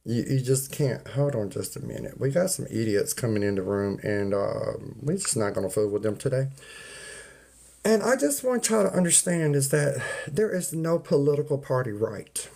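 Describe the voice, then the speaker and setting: Very animated at a normal speed, this medium-pitched voice is creaky yet warm. The livestreamer rants casually to his audience in a folksy, preachy manner, using y'all and ain't, going over points again, and welcoming chatters by name.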